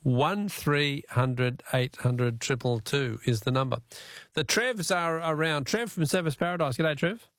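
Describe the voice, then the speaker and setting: A man with an Australian accent hosting a talkback radio quiz, jovial and quick to laugh. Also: a little high, a bit bright, no room sound, studio quality.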